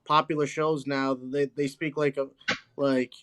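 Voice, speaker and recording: A man's voice: mid-range voice, little pitch movement, a little slow, noisy background. A man co-hosting a casual interview, making short, casual remarks. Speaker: co-host. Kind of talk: casual chat.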